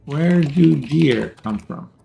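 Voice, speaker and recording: A man casually commentating a card game tournament over a headset, joking and rambling, often clearing his throat. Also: on the high side, lively intonation, slow pace, mellow, soft background music. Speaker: tournament caster.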